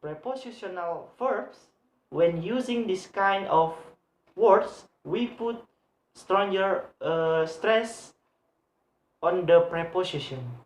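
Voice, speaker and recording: A young man talks through a grammar lesson for a class video, slow and halting, with frequent pauses and fillers. He repeats each example word several times as he explains it. His voice carries a noticeable room echo. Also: sits high, lively intonation. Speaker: student presenter. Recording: roomy echo.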